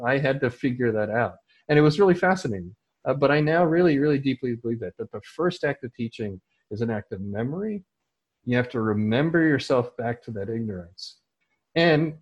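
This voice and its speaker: A man from the United States, a teacher and soccer coach, answering at length in an interview in an animated way, restarting often and acting out his own thoughts. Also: medium pitch.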